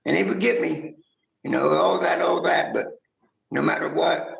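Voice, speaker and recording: Gravelly rambling man in an echoey room. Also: fairly high pitch, moderate pace. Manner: rambling, profane storytelling. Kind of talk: casual chat.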